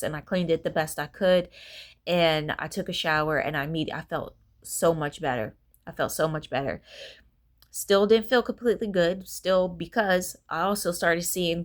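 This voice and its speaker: Candid, rambling woman telling her story. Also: low-pitched. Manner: candid, rambling, swears freely. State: tired. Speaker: vlogger. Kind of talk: casual storytelling to camera.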